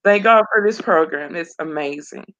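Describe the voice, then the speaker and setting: A woman's voice: lowish voice, normal speed, fairly bright tone. Woman guest, heartfelt personal testimony, repeats herself, dull lo-fi audio. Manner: earnest, repeats phrases, breaks into laughs. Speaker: program graduate guest.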